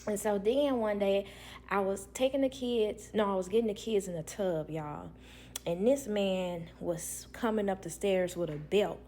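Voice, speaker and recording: A young woman who works as a nanny, telling a work story to viewers in a blunt, animated way. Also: mid-range voice, measured pace, a little hiss or hum. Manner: blunt, animated, acts out others' lines.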